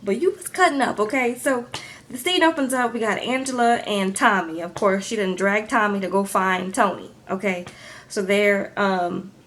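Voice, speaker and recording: A woman's voice: mid-range voice, normal speed, slight background noise. A woman recapping a reality show in a gossipy, chatty vlog, often asking "okay?". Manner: gossipy, animated, addresses viewers with "okay?". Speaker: YouTube reality TV reviewer.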